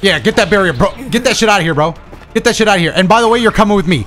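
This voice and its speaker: A young man streaming a video game, talking to himself in excitable, profane commentary. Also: high-pitched, rapid-fire, faint music behind. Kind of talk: casual gameplay commentary.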